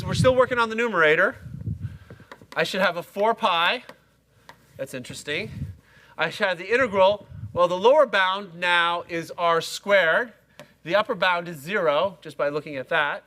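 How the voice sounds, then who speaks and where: A man's voice: high-pitched, moderate pace, pushed and bright. A middle-aged man lecturing a university class, chatty and self-mocking, talking straight to his students. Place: lecture hall.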